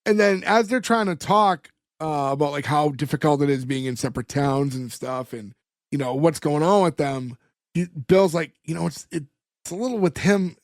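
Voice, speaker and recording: A man's voice: fairly high pitch, moderate pace, dry recording, clean studio sound. A man co-hosting a podcast in casual chat, retelling scenes by acting out the characters' lines and laughing often. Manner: laughs often while talking. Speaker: podcast co-host.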